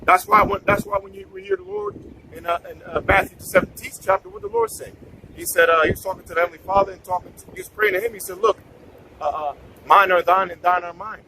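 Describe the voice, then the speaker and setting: High-voiced man teaching scripture, street noise. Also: very animated, fast, gravelly, bright, forceful tone, rough recording. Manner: preachy, repeats words, many restarts. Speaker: bible teacher. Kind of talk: casual scripture talk.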